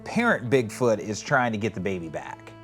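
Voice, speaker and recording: A man co-hosting a podcast in casual chat, telling stories in a rambling, animated way and acting out quotes with swearing. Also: fairly low pitch, moderate pace, faint music behind. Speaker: podcast co-host.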